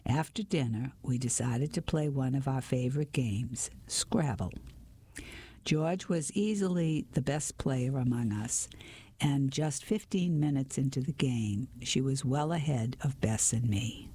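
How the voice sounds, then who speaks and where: A woman reading a story aloud in the first person, with an even, unhurried delivery. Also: extremely low pitch, husky. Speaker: audiobook narrator.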